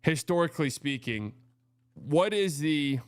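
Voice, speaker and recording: Excitable man calling a game live. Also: on the high side, a little slow, clean tone, no room sound. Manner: excitable, loud reactions to plays. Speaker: show host. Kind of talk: live game watch-party commentary.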